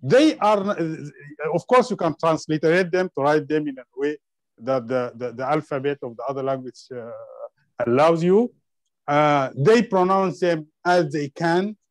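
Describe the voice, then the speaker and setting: A man's voice: a little high, moderate pace, no echo, poor audio. A man whose first language is Arabic, hesitating often with fillers and restarts as he gives his view in an online group discussion. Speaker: discussion participant.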